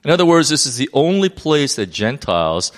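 A man's voice: medium pitch, big pitch swings, a little fast. A man teaching a Bible lesson, emphatic and fond of repeating key words and asking his listeners rhetorical questions.

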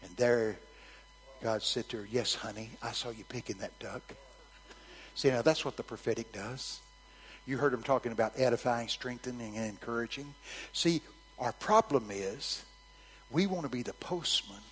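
A man preaching a storytelling sermon, swinging from hushed asides to loud, shouted quotes. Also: mid-range voice, moderate pace, slightly rough, in a large hall, rough recording.

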